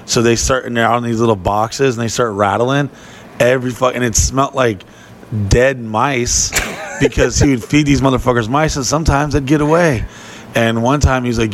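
A man's voice: medium pitch, moderate pace, a little hiss or hum. Profane rambling storyteller man. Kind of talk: casual podcast chat.

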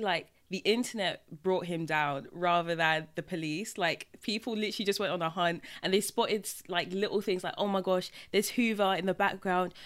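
A woman hosts a relaxed podcast chat with friends. Her voice sits at an ordinary middle pitch. She rambles happily and leans on "like" and "literally" as she goes. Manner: chatty, lots of "like" and "literally" fillers. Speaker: podcast host. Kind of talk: casual chat.

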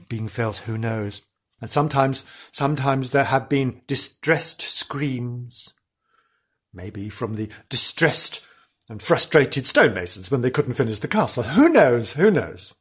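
A male podcast host spinning a mock-spooky comic tale with theatrical, drawn-out delivery. His voice is husky and breathy in a middle-pitched register. He slips into laughing asides between his dramatic lines.

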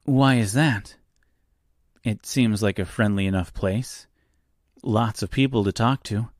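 A man's voice: on the low side, unhurried, no echo, clean studio sound, close to an everyday voice. A man voicing a nervous, polite young woman traveler in an audiobook reading, speaking hesitantly.

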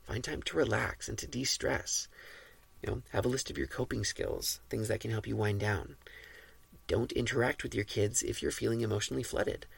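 A man with a deeply gravelly, husky voice talks through parenting advice on a podcast. He sounds calm and measured, like someone teaching steadily, and his pitch sits in the middle of the range. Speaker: podcast host.

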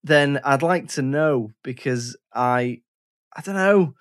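A man co-hosting a casual film chat, relaxed and jokey, often hesitating. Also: mid-range voice, slow pace. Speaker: podcast co-host.

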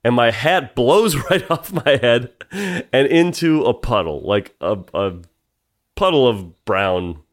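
A man's voice: medium pitch, big pitch swings, takes it slowly. A man co-hosting a podcast, telling a story in casual chat and laughing often. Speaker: podcast co-host.

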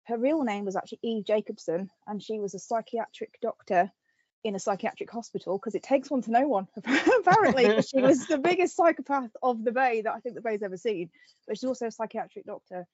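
Woman podcast host, lively storyteller, dry close sound, slightly muffled. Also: a little high, brisk, slightly rough, no echo. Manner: animated storytelling with lots of fillers. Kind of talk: casual chat.

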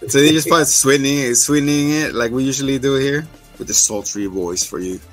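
A man hosting a casual podcast recap, laughing often and acting out scenes in quick voices. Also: mid-range voice, faint music behind. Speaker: podcast host.

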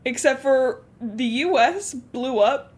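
A woman's voice: high voice, expressive, slow pace, darkish tone, slightly rough. A young woman co-hosting a podcast, chatting casually and bluntly about a book, swearing and laughing often. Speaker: podcast co-host. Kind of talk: casual book discussion chat.

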